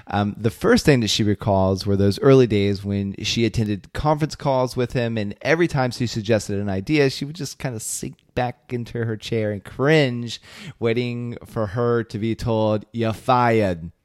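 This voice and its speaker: A man co-hosting a podcast, telling a story in a relaxed, chatty way with fillers. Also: mid-range voice, moderate pace, dry recording, studio quality. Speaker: podcast co-host. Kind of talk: casual podcast chat.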